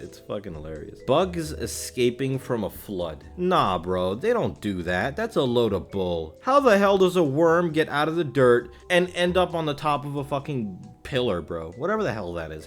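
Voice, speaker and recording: A young man giving casual, joking reaction commentary as a YouTuber, animated and full of swearing. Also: mid-range voice.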